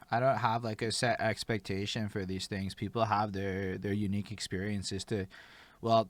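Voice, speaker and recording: A man's voice: lowish voice, no room sound. A man hosting a streamed interview, chatty and eager, reacting to the guest and to his live chat. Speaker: host. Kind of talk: casual interview talk.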